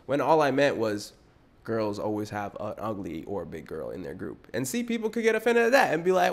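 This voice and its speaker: A young man hosting a podcast, ranting bluntly in a casual style, talking in fast bursts full of fillers. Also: lowish voice, wildly swooping pitch, vocal fry. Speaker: podcast host. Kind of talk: casual opinion rant.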